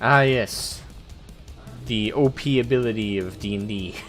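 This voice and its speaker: A man's voice: lowish voice, unhurried, soft background music. A man hosting a casual strategy-game let's play, mumbling and joking as he plays. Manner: playful, mumbling to himself while playing. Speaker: gaming channel host.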